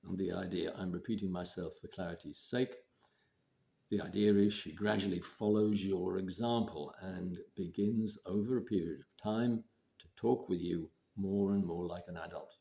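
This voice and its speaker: Man, very low voice, measured advice talk, clears throat often. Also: steady tone, dark tone. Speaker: relationship advice presenter.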